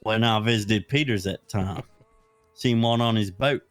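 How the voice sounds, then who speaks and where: A man's voice: fairly low pitch, a little slow, no room sound, soft background music. A man playing a deputy in a role-play game, rambling and mocking, with lots of "you know" and "like". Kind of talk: in-character role-play chat.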